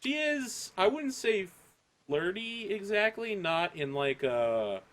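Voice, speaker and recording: A man's voice: high-pitched, very animated, slow, fairly bright tone. A young man as game master, chatting and acting out lines from the table. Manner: chatty, acts out quoted lines.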